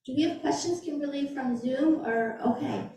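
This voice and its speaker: A woman's voice: sits high, normal speed, mellow. A woman moderating a library author event, agreeable and chatty with the guest. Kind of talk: conversational moderating. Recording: echoey room, distant mic.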